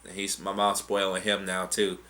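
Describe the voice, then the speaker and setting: A man's voice: deep voice, monotone, normal speed, bright, forceful tone. A young man, answering viewer questions in a casual, rambling, profane way. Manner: rambling, profane and loose, with restarts. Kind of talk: casual chat.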